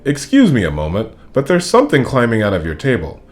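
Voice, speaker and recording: A man's voice: medium pitch, huge pitch swings, fast talker. A man reading a storybook aloud, voicing a bouncy, cheerful young male tiger who talks boastfully.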